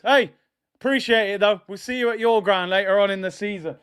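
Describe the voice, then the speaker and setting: A man hosting a live football watch-along, excitable and taunting, shouting at the big moments. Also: high-pitched, quick pace, clean tone. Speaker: host.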